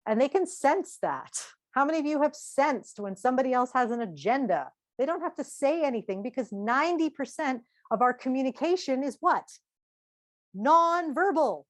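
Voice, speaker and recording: A middle-aged woman speaking at a parenting seminar, lively, asking the audience questions and acting out quotes. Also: sits high, fairly quick, no echo, studio quality.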